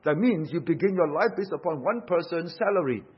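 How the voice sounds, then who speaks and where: A man delivers a sermon, pressing his points with rhetorical questions and bursts of force. His voice sits slightly high and husky. The recording sounds dull and lo-fi. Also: expressive, fairly quick. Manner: emphatic, rhetorical questions, rising and falling force. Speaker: pastor.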